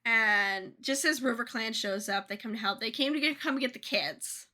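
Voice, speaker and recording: Bright-voiced young woman podcast co-host. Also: on the high side. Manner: chatty retelling with quick voiced asides. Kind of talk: casual book podcast chat.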